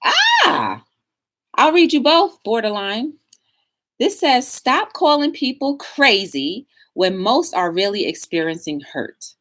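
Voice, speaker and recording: A woman's voice: on the high side, big pitch swings, a little slow, fairly bright tone. A woman hosting a casual live-stream talk show, chatting straight to her viewers and reading quotes aloud with emphasis.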